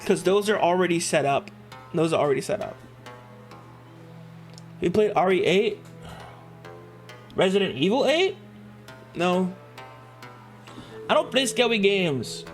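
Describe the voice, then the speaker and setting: Animated high-voiced male streamer. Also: unhurried, long pauses, faint music behind. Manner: animated, laughs a lot, swears. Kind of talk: casual live-stream chat.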